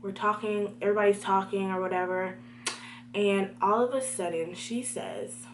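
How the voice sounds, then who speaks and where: Animated young woman telling a story. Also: mid-range voice, normal speed, a little hiss or hum. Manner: animated, talks to viewers directly. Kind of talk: storytime vlog.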